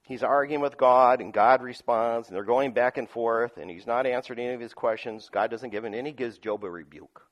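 A man preaching a sermon, reading scripture aloud and explaining it, moving between loud emphatic lines and quiet asides with frequent chuckles. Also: medium pitch, a little fast, hardly any pauses, lo-fi sound. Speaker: pastor.

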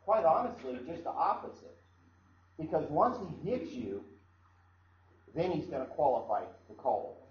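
Conversational pastor preaching in an echoey room. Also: male voice, on the high side, sing-song, measured pace, pauses often. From Iowa, US. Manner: conversational, repeats and restarts phrases. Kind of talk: sermon. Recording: echoey room, dull sound, faint background noise.

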